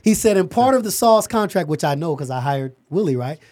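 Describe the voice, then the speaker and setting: A middle-aged man, a podcast guest, telling an animated story about starting his company and acting out the dialogue. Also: a little high, fairly quick, dry recording, clean studio sound.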